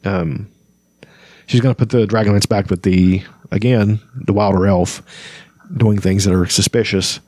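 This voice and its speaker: Low-voiced man reading a novel aloud. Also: steady tone, normal speed, warm tone, no room sound, clean studio sound. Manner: casual, hesitant, with many fillers. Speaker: book podcast host.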